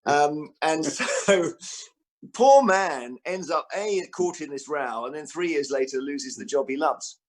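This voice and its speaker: Animated male author telling stories. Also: fairly high pitch, a little slow. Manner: animated storyteller, acts out quotes; frequent restarts and fillers. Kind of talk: book festival interview talk.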